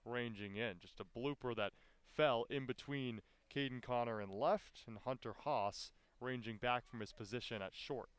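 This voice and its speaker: A man calling live baseball play-by-play, with his voice climbing sharply in pitch and volume on big plays. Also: normal speed, hardly any pauses, smooth, no room sound. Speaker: play-by-play announcer.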